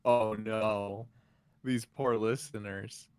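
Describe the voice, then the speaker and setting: A man co-hosting a casual podcast over a voice call, easygoing and quick to laugh. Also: fairly low pitch, fairly even intonation, clear, resonant tone. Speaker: podcast co-host. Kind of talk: casual chat. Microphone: remote call mic.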